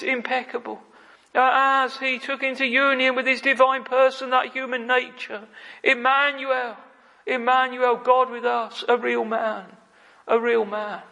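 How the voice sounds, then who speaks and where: A man's voice: very high-pitched, vocal fry, pushed and bright. A man preaching a fervent sermon, repeating phrases and calling out "oh, friends". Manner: fervent, repetitive, frequent "oh, friends". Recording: long hall reverb.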